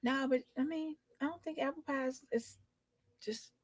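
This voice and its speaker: Chatty woman with a higher, dry voice. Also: moderate pace, no echo. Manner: chatty, drawling, rambling, emphatic. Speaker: co-host. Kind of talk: casual chat.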